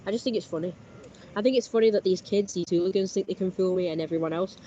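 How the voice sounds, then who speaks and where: Standing by a canal, a vlogger delivers a casual, wandering monologue full of chatter and bragging. Their dark-toned, medium-pitched voice moves at a quick pace over slight background noise, and the outdoor recording sounds a bit muffled with a faint background.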